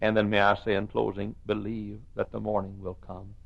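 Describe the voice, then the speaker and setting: A male pastor preaching a sermon in a church, swinging from near-whispers to shouts. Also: lowish voice, monotone, a little fast, gravelly, no echo, lo-fi sound. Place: church sanctuary.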